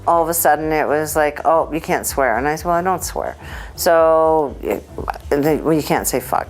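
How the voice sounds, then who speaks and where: A woman's voice: deep voice, moderate pace, soft background music, rough recording. A woman stand-up comic telling an anecdote in an interview, acting out the lines of the people in it. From Canada. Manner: animated, acts out dialogue.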